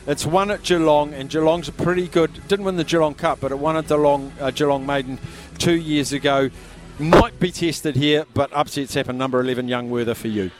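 Chatty man calling from a pub. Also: on the high side. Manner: quick, chatty, slightly strained from shouting over a pub. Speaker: radio host running a sweep draw. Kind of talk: live radio chat. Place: busy pub.

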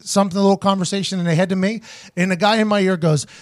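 Man, podcast host, casual storytelling, animated. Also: high-pitched. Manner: animated, quotes people in quick asides.

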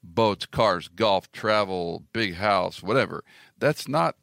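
A man with a very deep, gravelly voice hosts a casual interview, asking questions and trading jokes at his own expense. The recording is dry and close, with no room sound. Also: animated, slow, a bit bright, no echo. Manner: joking, self-deprecating. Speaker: interview host.

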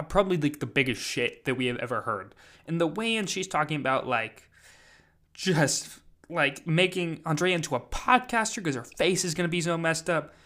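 This male podcast host goes over a live event casually, rambling along with plenty of fillers and "like." His voice is on the high side and a bit bright.

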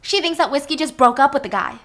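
A woman retelling a movie plot in a casual, animated way. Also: sits high, fast. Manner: animated storytelling. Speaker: podcast host.

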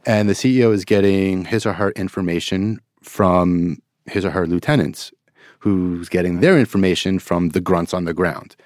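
Deep-voiced man, hesitant journalist guest. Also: normal speed, a little mellow, no echo, clean studio sound. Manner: hesitant, self-deprecating, restarts. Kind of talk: casual business discussion.

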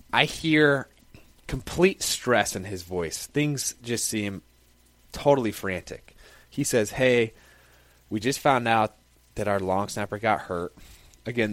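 Young male athlete, low-pitched, casual storyteller, dry close sound. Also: no room sound. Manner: conversational, lively recounting. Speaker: football player. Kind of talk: casual first-person storytelling.

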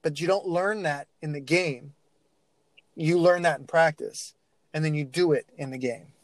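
A man as a podcast guest, telling coaching stories in a casual, animated way with many restarts and fillers. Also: on the high side, normal speed, dry recording. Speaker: guest, athlete mental-skills speaker.

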